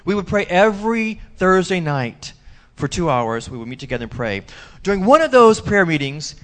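Male pastor, somewhat high voice, emphatic storytelling sermon with loud and hushed swings. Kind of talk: sermon testimony. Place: church.

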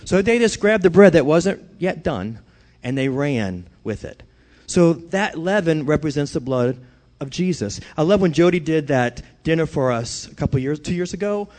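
A man with a notably high voice delivers a sermon to his congregation. He is middle-aged and talks in a loose, conversational way, then swells into emphatic declarations to drive his points home. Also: a little mellow. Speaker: pastor.

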